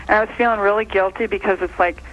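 A woman's voice: mid-range voice, steady tone, fast, lo-fi sound. A woman from Minnesota calling in to a talk show, speaking gushingly with hesitant restarts. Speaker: caller. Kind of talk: phone-in call to a talk show.

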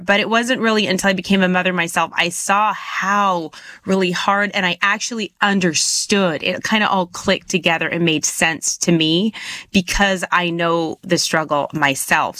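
A woman's voice: lowish voice, bright, forceful tone, dry recording. A woman hosting a faith-based talk show, speaking earnestly and encouragingly about her own life as a mother. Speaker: host.

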